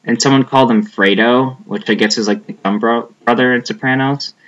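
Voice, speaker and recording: A man's voice: mid-range voice, steady tone, a little fast, a bit bright, muffled recording. A young man chatting casually as a podcast co-host, rambling and profane, trailing off with a lot of "like". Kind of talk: casual chat.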